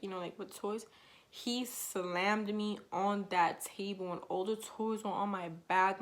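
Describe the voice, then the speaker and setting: Emotional woman telling a storytime vlog. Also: medium pitch. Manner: casual, slangy storytelling full of "like" fillers; emotional, tearful retelling. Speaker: vlogger.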